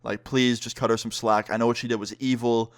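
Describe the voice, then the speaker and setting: Pleading young woman friend, as a guy puts her on, quiet and fast, storytime voice. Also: mid-range voice, little pitch movement, no echo, studio quality, close to an everyday voice. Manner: soft and pleading.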